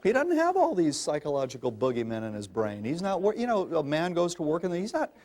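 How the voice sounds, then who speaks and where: A man's voice: a little high, huge pitch swings, brisk, a little mellow. An older man giving an emphatic public talk on parenting to an audience, calling listeners folks in a folksy, insistent manner. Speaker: parenting speaker.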